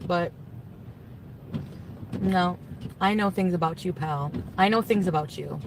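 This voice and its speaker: A woman's voice: mid-range voice, a little fast. Shaky upset woman streaming, confronting someone, lots of noise and traffic behind her. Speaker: live streamer. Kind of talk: upset live-stream talk.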